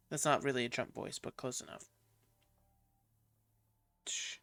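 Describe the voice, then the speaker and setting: A woman's voice: a bass voice, steady tone, unhurried, long pauses, a bit bright, dry recording. A woman streaming a game and chatting casually, candid and swearing now and then. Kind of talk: casual gameplay commentary.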